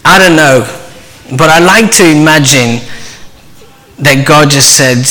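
A man preaching a sermon, telling a story earnestly and dropping to a soft voice for quoted speech. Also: on the high side, takes it slowly, long pauses. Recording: long hall reverb.

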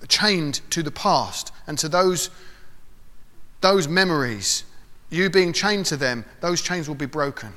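A man's voice: fairly high pitch, fairly bright tone, big-room sound. A man preaching an informal sermon, talking conversationally and acting out short voices and prayers.

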